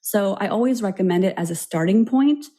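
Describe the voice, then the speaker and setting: A woman's voice: mid-range voice, expressive, fairly quick, mellow. A woman who is a yoga teacher talking with enthusiasm in a casual interview. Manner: enthusiastic recommending. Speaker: yoga teacher, studio owner.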